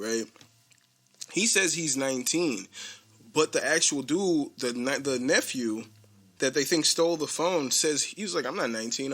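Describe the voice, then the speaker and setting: Retelling a TV episode on his podcast, a man with a mid-range, slightly bright voice rambles casually. He acts out the quoted lines of the characters and laughs a lot.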